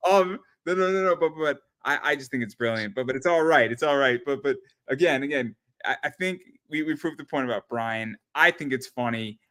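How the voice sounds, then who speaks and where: A man's voice: mid-range voice, a little fast, hardly any pauses, fairly bright tone. Profane, rambling man hosting a chat show. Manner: profane, rambling, repeats words. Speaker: podcast host. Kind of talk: casual chat.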